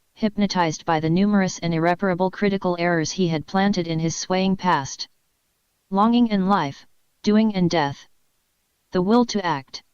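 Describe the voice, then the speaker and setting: Woman reading a crude comedy story deadpan, lowish voice, very clear but muffled dry recording. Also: no room sound.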